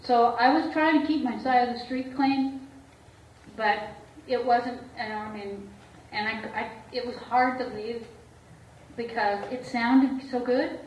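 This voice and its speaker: Here a woman therapist with a fairly high, somewhat mellow voice shares candid personal stories with an audience at a measured pace. She laughs often, speaks frankly, and mimics the people she quotes. There's a little hiss or hum, and the distant mic in an echoey room gives a dull, lo-fi result.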